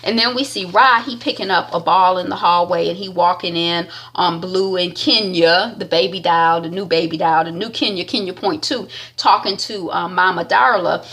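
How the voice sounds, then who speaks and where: A woman's voice: fairly low pitch, moderate pace, hardly any pauses, a bit bright. A woman giving a casual, chatty recap of a TV episode, often repeating herself for emphasis.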